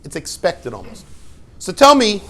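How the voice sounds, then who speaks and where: A man's voice: high voice, wildly swooping pitch, normal speed, fairly bright tone. A man, a rabbi and yeshiva head, giving an informal Torah talk to a class, telling stories with rhetorical questions and joking asides.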